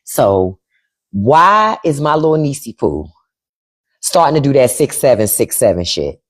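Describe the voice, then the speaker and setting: A woman's voice: extremely low pitch, sing-song, measured pace. A middle-aged woman hosting a casual livestream from home into a microphone, acting out quoted voices as she talks. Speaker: livestream host.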